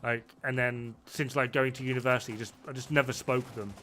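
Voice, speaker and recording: Bright-voiced streamer chatting while gaming. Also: male voice, medium pitch, steady tone, fairly quick, a little hiss or hum. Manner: rambling, swears freely. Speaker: game streamer. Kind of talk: casual chat while gaming.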